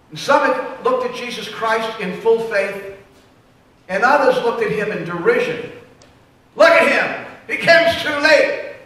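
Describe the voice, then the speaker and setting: A male pastor preaching with impassioned swings between loud and hushed, with frequent restarts, recorded from a distance in an echoey church. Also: high-pitched. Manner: frequent restarts and repeated words. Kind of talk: sermon. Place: church sanctuary.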